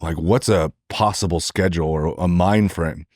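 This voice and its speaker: A man's voice: low voice, moderate pace, darkish tone, no room sound, clean studio sound. A man co-hosting a podcast, asking a guest earnest, thoughtful questions in a casual interview. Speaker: podcast co-host.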